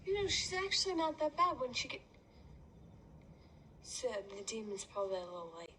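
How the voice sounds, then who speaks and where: An actress playing a chirpy young female friend with a breathy voice in a TV drama. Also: on the high side, sing-song, moderate pace, sharp tone, exaggerated voice. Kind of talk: TV drama acting.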